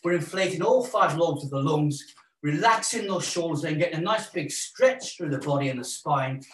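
A Welsh man coaches a live exercise class with cheerful, joking encouragement, counting steps and calling out breaths. His voice sits fairly high for a man. The sound is roomy and picked up from a distance. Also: animated, normal speed, fairly bright tone. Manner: upbeat, encouraging, jokey, counting out moves. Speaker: fitness instructor. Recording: roomy echo, mic at a distance.

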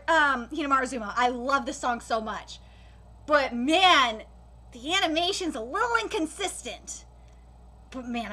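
A woman hosting a live anime reaction video, excitable, gushing and ranting by turns and swearing freely. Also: high voice.

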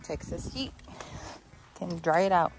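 A young woman vlogs from an outdoor trail with a phone camera, talking in a chatty, easygoing way. Her voice sits a little low for a woman. She speaks slowly and pauses as she looks around. She describes whatever she sees along the way. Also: lively intonation, soft background music. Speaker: vlogger on a honeymoon hike. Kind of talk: casual vlog chat. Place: outdoor nature trail by a creek.

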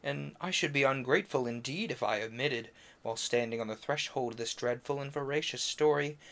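Here a man's mid-range, slightly bright voice moves at a brisk clip through a classic novel read on stream. Casual narration gets interrupted by fumbled French names, self-corrections, and short offhand asides between passages.

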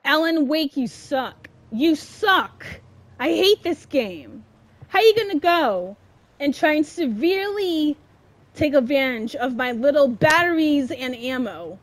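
A young woman giving let's play commentary on a horror game, exasperated and complaining, shouting at her character. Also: high voice, expressive, slow pace. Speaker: gamer playing a horror game.

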